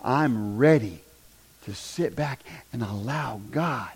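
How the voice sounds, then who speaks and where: A man, preaching a fiery revival sermon in a church, swinging from shouts down to a near-whisper. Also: mid-range voice, slow pace, husky. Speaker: pastor.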